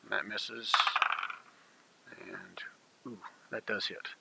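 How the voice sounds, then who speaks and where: A man's voice: on the low side, fairly even intonation, slow pace, vocal fry, very noisy. A man running a tabletop game as game master, narrating fights with vivid, gleeful detail.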